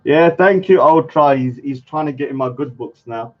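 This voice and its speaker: A man's voice: medium pitch, normal speed. A man chatting on a livestream and muttering to himself as he searches for things. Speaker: livestreaming artist. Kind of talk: casual livestream chat. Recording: dull lo-fi stream audio.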